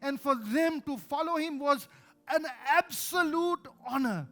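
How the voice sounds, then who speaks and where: A man with a Sri Lankan accent and a very high, animated voice preaches a sermon as pastor, a little slowly. He is passionate, swinging between loud emphasis and hushed asides.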